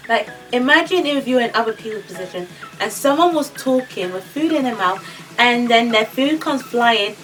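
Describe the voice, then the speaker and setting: A young woman ranting in a casual vlog, exasperated and animated. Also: a little high, normal speed, recorded from a distance, faint music behind, rough recording. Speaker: vlogger.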